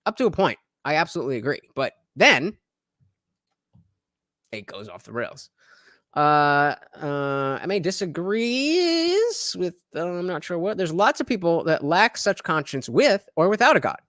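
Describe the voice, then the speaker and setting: Livestream host, man from New Jersey, very lively pitch, casual rambling chat commentary. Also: a little slow, no echo, clean studio sound. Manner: rambling, lots of fillers, animated.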